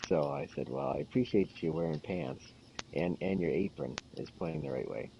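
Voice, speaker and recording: A man's voice: sits low, big pitch swings, a little fast, gravelly, warm tone, highs cut off, slight background noise. A man hosting a gaming stream, chatting casually and rambling through funny stories with frequent laughs. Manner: rambling storyteller, laughs often. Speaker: game stream host. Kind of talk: casual chat while gaming.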